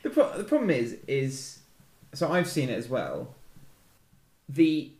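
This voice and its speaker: A man in his thirties, the host of a chatty film podcast, with a wry, teasing way of talking. His voice sits at an ordinary middle pitch, and it rings in a roomy space with a lot of echo. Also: wildly swooping pitch, a little mellow. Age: 30s. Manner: wry, teasing, quick asides. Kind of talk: casual film chat.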